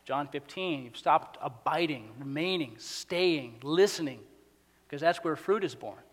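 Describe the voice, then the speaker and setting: A male pastor with a notably high voice delivers a sermon, swinging from hushed, intimate asides to loud, stacked exhortations. His words ring out with a long reverb from a large church hall. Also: animated, a little slow.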